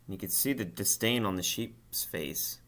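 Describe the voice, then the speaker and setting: A male teacher reading a children's book aloud to his class with expressive storytelling. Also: on the low side, moderate pace.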